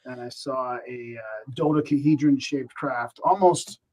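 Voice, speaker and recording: A man on a podcast telling a story in casual chat, rambling with many restarts and animated. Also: mid-range voice, unhurried, low-quality recording. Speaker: podcast co-host.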